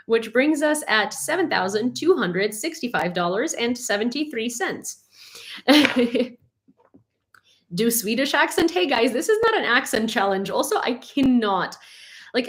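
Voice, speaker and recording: A woman from Ukraine hosting a live stream, chatting casually with viewers in a rambling, laughing way. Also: medium pitch. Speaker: livestream host.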